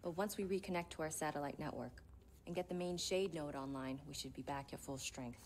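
Actress as hard-edged woman agent in a game, lowish voice, blunt and profane. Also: a little fast, darkish tone, slight background noise, natural voice. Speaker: game character.

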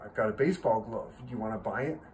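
An older man telling a joke and voicing a sly little boy who speaks in a hushed, matter-of-fact way. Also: lowish voice, quick pace, slight background noise, pitched below the performer's own voice, lightly acted.

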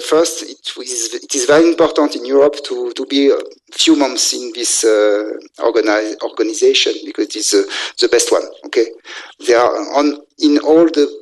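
Halting male lecturer. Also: mid-range voice, rough recording. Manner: halting, frequent filler sounds and restarts. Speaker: university lecturer in electrical engineering. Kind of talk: technical lecture.

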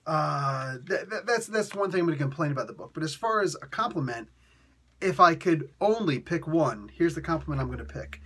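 A man with a husky, somewhat raised voice talks through a comic book review. He rambles and restarts his sentences, and his delivery stays lively and chatty the whole way. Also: a little high. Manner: animated, rambling, frequent fillers and restarts. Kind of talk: casual video review.

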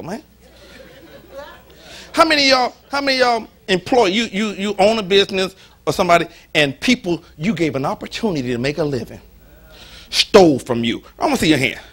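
Lively high-voiced husky preacher man. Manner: animated storytelling, acts out biblical voices, folksy. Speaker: pastor. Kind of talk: sermon. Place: church.

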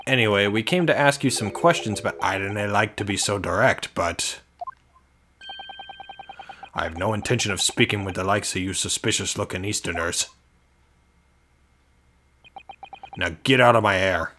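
A man's voice: fairly low pitch, expressive, moderate pace, few pauses, a little hiss or hum. A man reading aloud the lines of a hostile middle-aged prison governor from a game. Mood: gruff. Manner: reading dialogue aloud, slightly louder.

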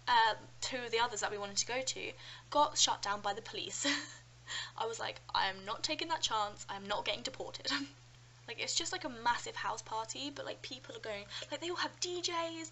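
Young British woman vlogger, bright and chatty, faint background hiss. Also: fairly high pitch, poor audio. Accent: British English. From London, England. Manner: chatty, animated storytelling with frequent "like" and "um". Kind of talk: casual chat.

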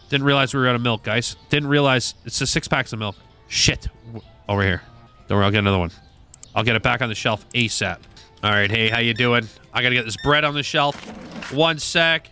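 A man's voice: medium pitch, a little fast, bright, forceful tone, smooth, faint music behind. A man narrating a shop game, chatting to customers in a cheery shopkeeper manner. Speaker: gaming YouTuber. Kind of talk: playful let's-play commentary.

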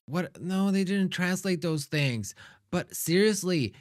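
A man hosting a reaction video, talking back to the screen in a sassy, animated way. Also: high voice, slow pace, a little hiss or hum. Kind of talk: casual reaction commentary.

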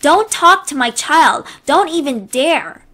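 A woman voicing a middle-aged entitled mother who yells indignant accusations. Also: high voice, sing-song, slow pace, full character voice. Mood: furious.

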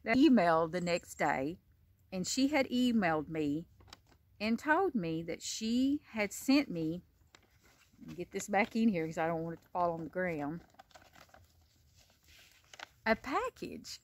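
A woman's voice: fairly low pitch, lively intonation, slow pace, pauses often. An older woman, chatting casually in a show-and-tell vlog and gushing over gifts she received. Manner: gushing, effusive, repeats "gorgeous" and "beautiful". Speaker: crochet vlogger.

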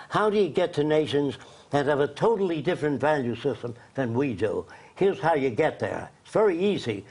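Man lecturing hard in an interview, blunt and emphatic, voice sits a bit high. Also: a little mellow, breathy edge. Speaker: interview guest.

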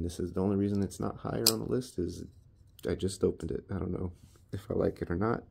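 A man with a deep, gravelly voice talks through his knife collection in a relaxed, wandering way, poking fun at himself as he goes. His tone is dark and mellow, and faint noise sits under the recording. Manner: laid-back, rambling, self-deprecating. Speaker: knife reviewer. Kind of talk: casual product review.

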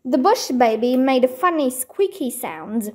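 A woman reads a children's storybook aloud in a high, clear voice. She takes her time, pausing deliberately through each sentence. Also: big pitch swings, darkish tone. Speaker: storybook reader. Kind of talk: children's book read-aloud.

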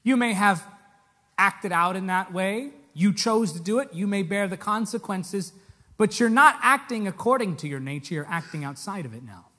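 A male preacher delivers a sermon with a high, bright, forceful voice. He talks straight at the congregation, hammering his points with rhetorical questions. His words ring out with a long reverb in a large church hall. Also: lively intonation, normal speed. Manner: direct, emphatic, rhetorical questions.

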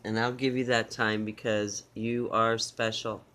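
A man reading channeled love messages in a soft, tender way, with repeated phrases and pauses. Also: fairly low pitch, level tone. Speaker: spiritual reader.

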